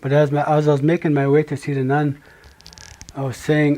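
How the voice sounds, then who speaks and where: Slow, soft-spoken man sharing testimony. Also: on the high side, steady tone. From Manitoba, Canada. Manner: slow, halting, reflective with pauses and restarts. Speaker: speaker sharing his life story. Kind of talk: personal testimony.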